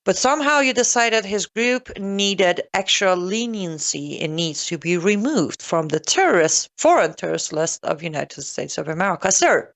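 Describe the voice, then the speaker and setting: A woman hosting a solo political commentary show, speaking emphatically and sarcastically and addressing listeners directly, with sharp swings in pitch. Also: animated, moderate pace, hardly any pauses.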